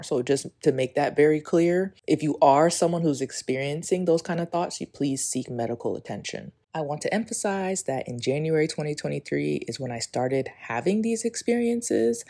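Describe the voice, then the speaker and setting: A woman's voice: rumbling low, warm tone. A woman in her thirties hosting her own podcast, talking candidly and rambling with many fillers, recorded on a phone outdoors. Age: 30s. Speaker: podcast host. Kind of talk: casual spoken intro and monologue. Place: outdoors on a walk or in a park.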